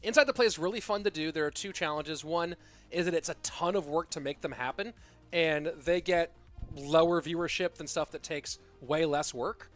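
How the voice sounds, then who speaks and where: A man calls a live esports match with bursts of excitement, breaking off to chat casually with his audience. His voice sits a little high, and faint music plays underneath. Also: normal speed. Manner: excitable play-by-play, chatty asides to viewers. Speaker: esports caster. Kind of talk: live game commentary with chat. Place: Austin, Texas.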